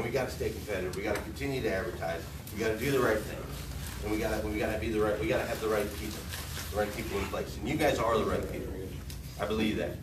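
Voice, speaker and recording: A man's voice: on the low side, recorded from a distance. A man running a morning sales meeting at a car dealership, joking and motivational, talking to staff in the showroom. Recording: roomy, off-mic with room noise.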